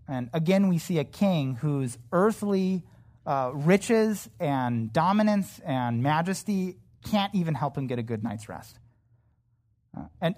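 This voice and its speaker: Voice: mid-range voice, darkish tone. A Bible teacher giving a casual verse-by-verse sermon, talking conversationally with frequent fillers and restarts.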